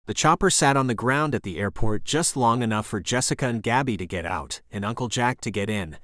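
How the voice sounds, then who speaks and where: A man narrating a thriller audiobook in a steady, even scripted delivery. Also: lowish voice, no echo, studio quality.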